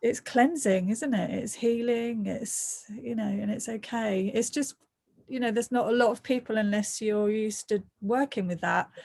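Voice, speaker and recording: A woman's voice: mid-range voice, creaky, darkish tone. A woman therapist hosting an online group discussion, speaking in a reassuring, encouraging, conversational way. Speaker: therapist and host. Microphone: video call.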